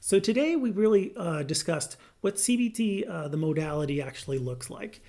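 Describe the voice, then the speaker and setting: A man, a licensed marriage and family therapist, explaining a therapy method to viewers in a lively, good-humored way. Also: high-pitched, moderate pace. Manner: lively, good-humored, laughs through personal example. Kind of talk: educational explainer to camera.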